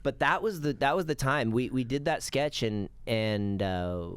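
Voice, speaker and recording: A podcast guest chats casually in a clear, resonant mid-range voice, speaking a little slowly. He tells stories animatedly, acting out old scenes and laughing.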